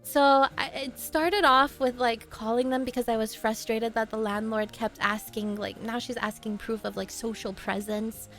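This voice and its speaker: High-voiced young woman telling animated stories. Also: normal speed, hardly any pauses, soft background music. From Canada. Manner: animated storytelling, acts out quotes, laughs often. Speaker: streamer. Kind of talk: casual stream chat with viewers. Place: home streaming setup.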